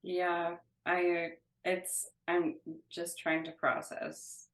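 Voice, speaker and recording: Soft, uncertain woman in a roomy echo. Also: fairly low pitch, monotone, drawn-out words. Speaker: player. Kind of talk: role-playing game chat.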